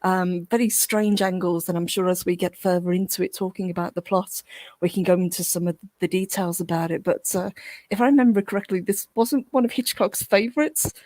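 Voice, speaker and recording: A British woman on a movie podcast, talking in a measured, informative way with frequent giggles. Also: lowish voice, steady tone, darkish tone, no room sound. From Britain. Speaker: podcast co-host. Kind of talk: casual movie discussion.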